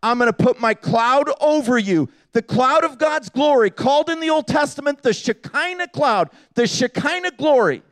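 A man preaching a sermon with passion, swinging from loud appeals to hushed, quiet asides. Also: extremely high pitch, lively intonation, normal speed, hardly any pauses, no echo.

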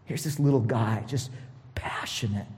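A middle-aged man preaching a personal sermon as a pastor, expressive and laughing, moving between loud bursts and hushed asides. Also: medium pitch, a little slow. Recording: long hall reverb.

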